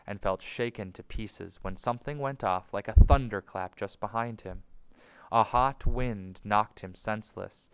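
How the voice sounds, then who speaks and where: A man narrating a storybook in a measured, dramatic way. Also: lowish voice, clean tone, no room sound, poor audio. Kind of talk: storybook reading.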